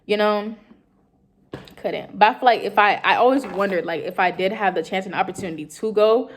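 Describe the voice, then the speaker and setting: A woman's voice: mid-range voice, brisk, slight background noise. A young woman in college, earnestly telling a personal story in a rambling way with many fillers. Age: young adult. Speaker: college student.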